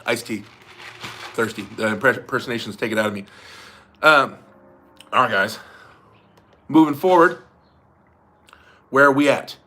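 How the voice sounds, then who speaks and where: A man's voice: medium pitch, unhurried, pauses often, sharp tone, a little hiss or hum. A man hosting a casual livestream fundraiser, rambling and chatting with viewers and laughing often. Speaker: livestream host.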